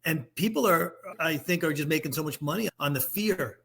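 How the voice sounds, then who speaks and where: Animated middle-aged doctor dude, kinda high bright voice, casual podcast talk. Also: male voice, moderate pace, gravelly, few pauses, slightly rough. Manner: animated, acts out worried patients' voices.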